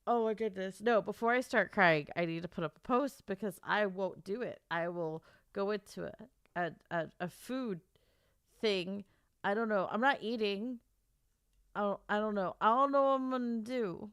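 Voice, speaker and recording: A woman's voice: medium pitch, moderate pace, a bit bright, clear, resonant tone, dry recording, studio quality. A woman livestreaming, chatting emotionally and on the verge of tears, rambling and stammering through restarts. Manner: emotional, tearful, giddy rambling. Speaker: author and streamer. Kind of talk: casual livestream chat.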